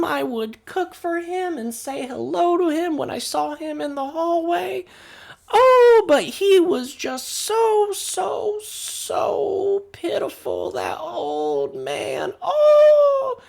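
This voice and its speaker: A nosy old lady neighbor in a tabletop game, her voice squeaking up high and swooping all over, fluttery and teary, stretching every word. She gushes and frets like a busybody fretting over the whole building. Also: sing-song, vocal fry, darkish tone, full character voice. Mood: weepy. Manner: shrill, fluttery and sobbing, drawn-out exclamations. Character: gushing elderly woman neighbor, weepy and nosy.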